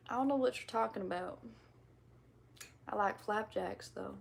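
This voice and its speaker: Reading comments during a casual livestream, this Midwestern woman with a slight twang is giggly, playful and self-teasing. Her medium-pitched voice is expressive and measured, with vocal fry and frequent pauses, over slight background noise.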